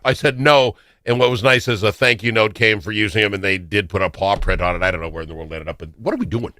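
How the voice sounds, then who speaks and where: A man hosting a talk show, telling stories in a casual, excitable way. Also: lowish voice, fast talker, hardly any pauses, dry recording, clean studio sound. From Minnesota. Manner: animated, excitable storyteller. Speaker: radio talk show host. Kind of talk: casual storytelling chat.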